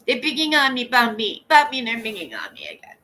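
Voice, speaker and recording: A woman's voice: wildly swooping pitch, brisk, bright, forceful tone, full character voice. A woman putting on the voice of a whiny grown woman who tattles to her man and complains that people are picking on her. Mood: whining. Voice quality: whining, high-pitched.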